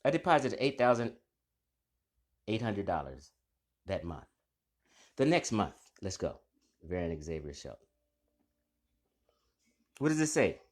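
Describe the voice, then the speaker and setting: Animated, boastful man calling people out. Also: fairly low pitch, a little slow, long pauses. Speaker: channel host. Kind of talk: casual call-out vlog.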